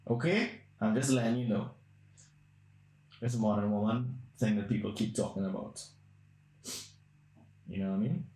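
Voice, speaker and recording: A man with a lowish, dark-toned voice hosts a podcast, telling a long story at normal speed with long pauses. His delivery is blunt, crude and rambling, like casual storytelling. The recording has a roomy echo.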